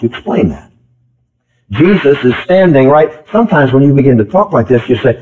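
Heard through tinny, phone-like old tape, a man with a medium-pitched voice preaches briskly with lively intonation. His style is emphatic, built on repeated key phrases and questions thrown out to the congregation.

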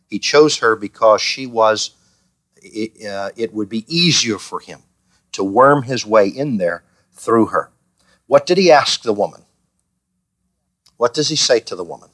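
A man teaches a small Bible study group, his voice sitting at an everyday middle pitch. He keeps turning questions back to the class and gives the lines he quotes a little acted colour. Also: a bit bright.

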